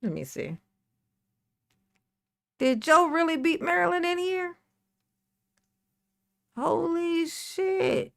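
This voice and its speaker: A woman's voice: extremely high pitch, very animated, unhurried, vocal fry, long pauses, fairly bright tone. A woman hosting a casual livestream, playfully greeting chat viewers by name and breaking into bits of song. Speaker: livestream host.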